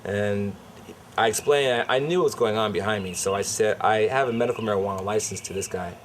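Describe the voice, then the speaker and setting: A man recounting a police traffic stop, acting out the officer's shouting in a lively storytelling voice. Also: on the low side, fairly quick. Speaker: dispensary promoter recounting an arrest.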